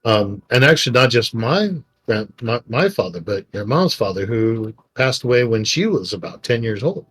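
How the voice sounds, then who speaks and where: A middle-aged man, a podcast co-host, telling personal stories in a rambling, animated way and acting out quotes. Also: medium pitch, normal speed, husky. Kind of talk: casual storytelling chat. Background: faint background music.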